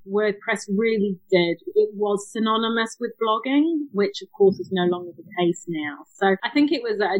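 A woman's voice: medium pitch, darkish tone, low-quality recording. Chatty northern English woman. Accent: northern English, slightly New Zealand. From England. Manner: chatty, with frequent small restarts. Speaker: guest, web developer. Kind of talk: casual interview chat.

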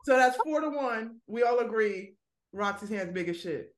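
High, animated woman teasing on a podcast. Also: normal speed, slight background noise. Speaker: podcast co-host. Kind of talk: casual group chat on a video call.

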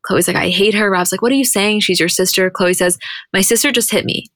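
A woman co-hosting a podcast, recapping a show in casual chat and quoting people in quick animated bursts. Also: mid-range voice, no room sound, studio quality. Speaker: podcast co-host.

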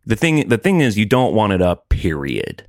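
A man co-hosting a casual podcast chat, coaching his friend with a lively, laughing delivery. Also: on the low side, normal speed, dry recording, clean studio sound. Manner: animated, coaching, laughs often. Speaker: podcast co-host giving advice.

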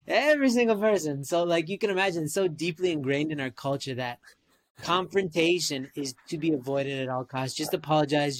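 Animated Canadian man telling stories. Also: on the high side. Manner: animated storyteller, lots of "like" and "right?". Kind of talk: casual chat.

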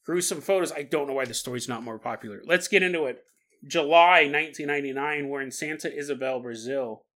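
Chatty male host who tells strange stories, jokey and bright. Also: a little high, fairly quick. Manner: jokey, laughs often, shifting volume. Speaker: podcast host. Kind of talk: casual storytelling.

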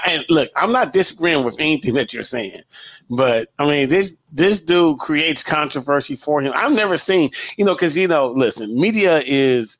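Animated man, casual podcast banter. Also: on the high side, dry recording. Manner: animated, rising to mocking exclamations.

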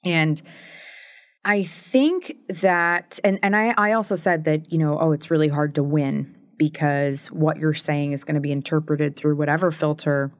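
A woman in her thirties speaks in a low, candid voice on a podcast. She chats with frequent laughs and many fillers, and the close recording sounds dry. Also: fairly even intonation, measured pace, no room sound. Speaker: podcast co-host. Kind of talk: casual conversation.

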